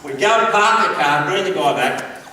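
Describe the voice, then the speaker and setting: An Australian man giving a humorous storytelling speech, animated and acting out quoted voices. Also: on the high side, moderate pace. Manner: animated yarn-spinning, acts out quoted voices, laughs along. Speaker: public speaker. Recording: roomy hall, distant mic, background noise.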